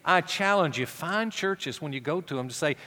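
A middle-aged male pastor preaches at normal speed, shifting between raised, animated stretches and low, hushed emphasis. He acts out quoted voices in conversational asides, and his words trail off in a long reverb.

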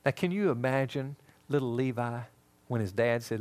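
A man with a medium-pitched voice speaks at a normal pace, teaching a Bible lesson in sermon style. He tells stories with animation and acts out the dialogue himself.

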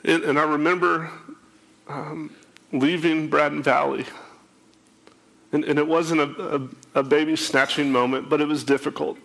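A man's voice: fairly high pitch, steady tone, measured pace, gravelly, long pauses, fairly bright tone. A man telling his life story to an audience, emotional and tearful, often repeating words as he speaks. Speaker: speaker sharing his testimony. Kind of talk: personal testimony to an audience.

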